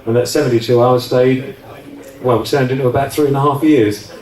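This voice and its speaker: A man's voice: medium pitch, steady tone, normal speed, a little mellow. A man being interviewed, reminiscing in a rambling, chatty way with frequent restarts. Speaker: interview guest, former offshore radio DJ. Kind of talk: casual recollection on stage interview. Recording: roomy sound from a distant mic.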